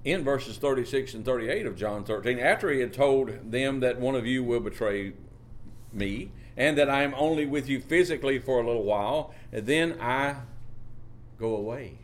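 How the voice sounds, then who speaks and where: A man preaching a sermon, drawing out phrases and lifting his pitch on key words, reading scripture in old-fashioned wording. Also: expressive, normal speed. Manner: reads scripture in King James wording.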